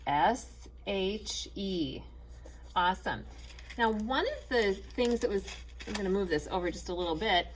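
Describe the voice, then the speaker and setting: A woman's voice: mid-range voice, lively intonation, brisk, a little hiss or hum. A woman teaching a children's phonics lesson, patiently spelling out letters and sounding out words with plenty of encouragement.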